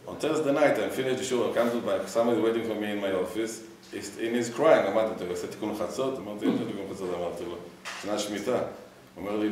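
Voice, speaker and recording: A man's voice: fairly low pitch, racing, hardly any pauses, a little mellow, slight background noise. A man, a rabbi, giving a Torah class and quizzing his students, mixing in Hebrew phrases. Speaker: rabbi teaching a weekly class. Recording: echoey room, mic far off.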